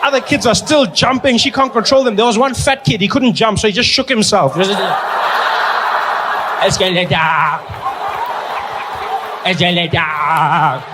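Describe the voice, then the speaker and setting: A man tells a stand-up story on a stage, his voice pitched high for a man. He is animated and laughs as he goes. There is noticeable noise under the live recording. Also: fairly quick, hardly any pauses, over a noisy crowd. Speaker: stand-up comedian. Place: comedy stage with live audience.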